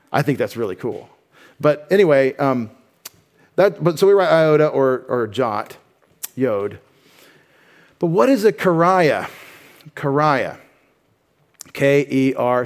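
A man's voice: medium pitch, darkish tone. A male pastor preaching an expository sermon, talking conversationally with wry asides and frequent self-corrections.

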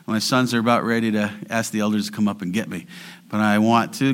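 Middle-aged male pastor, bright and forceful tone, chatty sermon delivery with bursts of sung scripture. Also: lowish voice, fairly even intonation, fast. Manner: breaks into singing the verse; chatty and joking with the congregation.

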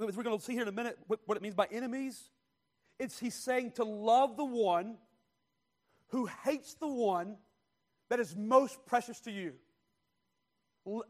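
A man preaching a sermon, speaking in slow, stressed phrases that swing from quiet to loud. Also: sits high. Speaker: pastor.

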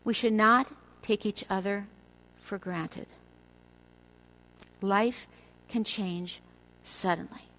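An older woman giving a devotional teaching to women, speaking in a measured, earnest way and slowing down for emphasis. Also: mid-range voice, a bit bright, low-quality recording.

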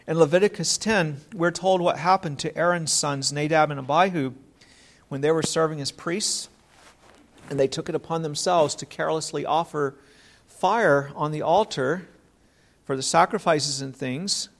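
A man with a high, gravelly voice delivers an earnest sermon. He asks rhetorical questions, quotes scripture and often restarts with repeated words. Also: moderate pace. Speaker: preacher.

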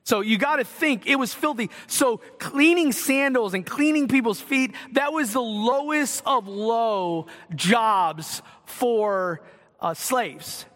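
High-voiced pastor preaching in a reverberant hall. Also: male voice, slow, a bit bright. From Northwest Ohio. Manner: earnest, conversational preaching with direct questions to the congregation. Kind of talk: sermon.

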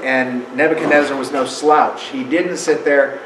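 Animated man teaching scripture in echoey room. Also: medium pitch, normal speed, noisy background. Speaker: Bible teacher. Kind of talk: casual Bible teaching to a small group. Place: room with a small group.

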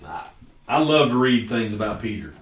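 A man's voice: lowish voice, animated, normal speed. A man preaching a sermon in a folksy storytelling way, stretching out words for emphasis. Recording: echoey room from a distance.

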